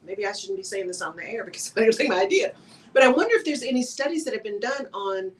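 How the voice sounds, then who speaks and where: A woman's voice: a little high, recorded from a distance, low-quality recording. Woman radio host talking, slightly off-mic. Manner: conversational, animated, keeps asking "right?". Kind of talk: solo talk radio monologue.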